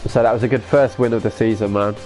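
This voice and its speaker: A man's voice: on the low side, fairly even intonation, fast, darkish tone, faint music behind. A young man streaming a football game, chatting casually with viewers, laid-back and sweary. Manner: laid-back, sweary, reads chat aloud. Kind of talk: casual live-stream commentary.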